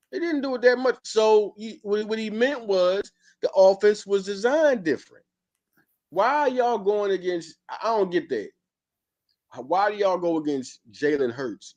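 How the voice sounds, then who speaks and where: A man hosting a sports podcast, arguing emphatically and repeating his points in casual speech. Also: sits high. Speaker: podcast host.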